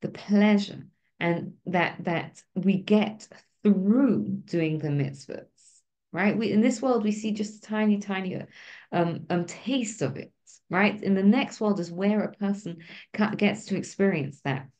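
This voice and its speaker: A woman's voice: medium pitch, a little slow, darkish tone, muffled recording. A woman teaching a Torah class in an informal, conversational way, often checking in with the listeners. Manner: conversational, keeps asking "right?".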